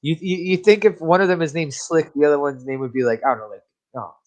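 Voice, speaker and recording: A man's voice: on the high side, quick pace. A man co-hosting a casual movie-review podcast, blunt and profane, laughing often as he gives his opinions. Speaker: podcast co-host.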